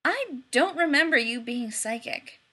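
A woman reading a story and voicing a gruff, sardonic man who talks flatly and teases. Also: very high-pitched, measured pace, voice pushed up, heavily acted. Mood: dry. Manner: flat, dry, sardonic.

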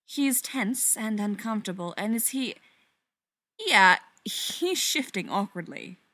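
Woman narrator for a read-aloud story; wry, animated delivery, dry close mic. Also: medium pitch, takes it slowly, no room sound. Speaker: reader. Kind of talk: reading fan fiction aloud.

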